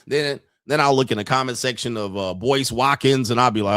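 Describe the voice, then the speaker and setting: A man hosting a casual commentary show, talking bluntly and profanely, laughing often and rising into animated disbelief. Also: mid-range voice, a little fast, hardly any pauses, no room sound, clean studio sound. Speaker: podcast host.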